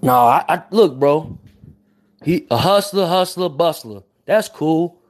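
Brief: high-pitched male streamer, heated and slangy, hammering rhetorical questions. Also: animated, slow pace. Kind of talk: heated casual commentary.

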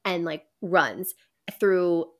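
A woman's voice: fairly low pitch, very slow. A young woman hosting a podcast, rambling enthusiastically through a casual book recap full of fillers. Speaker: podcast host.

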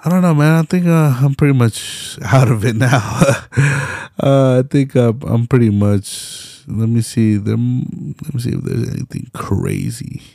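Unhurried and a little mellow, with vocal fry in his mid-range voice, a young podcast host rants on his own show. There's lots of slang, swearing and laughter, and the studio sound is clean with no room sound.

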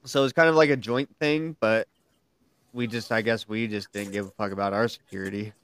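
A man co-hosting a podcast in casual chat, laying out facts in a relaxed way, then cracking crude jokes. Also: fairly low pitch, fairly quick, smooth, no echo. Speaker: podcast co-host.

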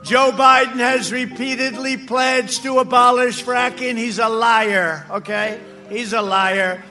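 A man giving a campaign rally speech on a stage microphone, boastful and mocking, repeating himself and often shouting. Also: very high-pitched, steady tone, takes it slowly, soft background music. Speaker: political speaker at a rally. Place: large rally before a crowd.

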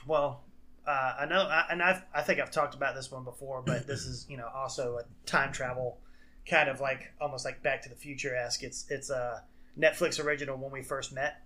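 Bright-voiced man recapping a movie. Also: mid-range voice, fairly even intonation, brisk. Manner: rambling, lots of fillers and restarts. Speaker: podcast co-host. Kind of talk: casual chat.

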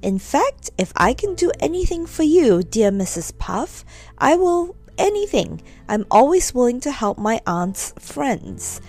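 Eager meddlesome young man, storybook busybody, lively voice, woman reading. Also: high voice, unhurried, full character voice.

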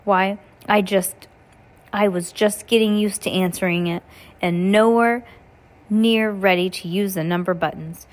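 A woman's voice: mid-range voice, steady tone, unhurried, close to an everyday voice. A woman voicing a fussy, anxious older woman who scolds children about grammar, in a storybook reading. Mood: scolding. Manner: fretful, scolding, prim.

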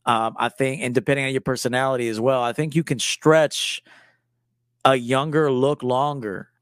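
A man's voice: mid-range voice, fairly even intonation, moderate pace, clean tone, no echo, clean studio sound. A man in his forties, a style coach hosting a live stream, talking casually in a loose, joking, profane way. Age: 40s.

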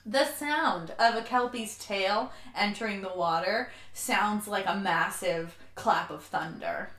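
A woman's voice: mid-range voice, takes it slowly, fairly bright tone, reverberant. A woman co-hosting a casual podcast, reading out facts with frequent giggles and self-deprecating asides. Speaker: podcast co-host presenting research.

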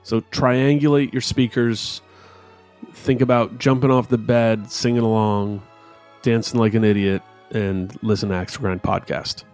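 A man's voice: on the low side, steady tone, unhurried, a little mellow. A man co-hosting a niche music podcast, plugging the show in a laid-back, jokey way. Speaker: podcast co-host doing a promo. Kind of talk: casual podcast promo.

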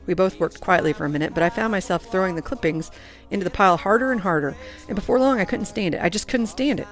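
A woman reading first-person audiobook narration in an earnest, expressive way. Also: medium pitch, fast talker, faint music behind.

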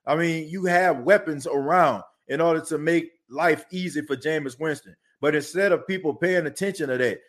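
A man's voice: on the high side, moderate pace, hardly any pauses. A man hosting a sports podcast, ranting heatedly and repeating himself. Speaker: podcast host. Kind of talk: casual sports talk.

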